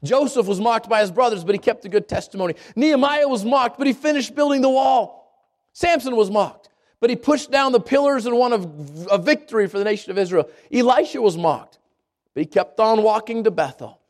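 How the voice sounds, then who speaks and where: A man with a high voice preaching an impassioned sermon. He surges upward when stressing a point and sinks low and quiet when he prays. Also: animated, fairly quick. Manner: impassioned, rises high for emphasis then drops to a hushed prayer. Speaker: pastor.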